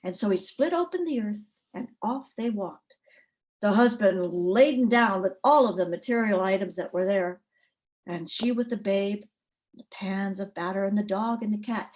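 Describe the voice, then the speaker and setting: A woman storyteller at a story swap, telling a folk tale with an expressive, rhythmic cadence. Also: medium pitch, moderate pace.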